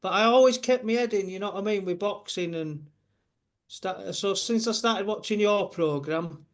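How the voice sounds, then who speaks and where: A guest fan in his fifties, from Bradford and speaking with a West Yorkshire accent, talks at a moderate pace in a high-pitched voice. It's a casual, earnest video-call chat in which he rambles and keeps restarting.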